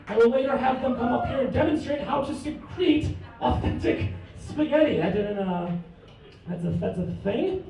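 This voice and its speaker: Guy doing standup in a bar, real high voice, bragging like he's famous, echoey far mic. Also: vocal fry, a little mellow. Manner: cocky, mock-boastful. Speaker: stand-up comedian. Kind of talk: stand-up comedy set.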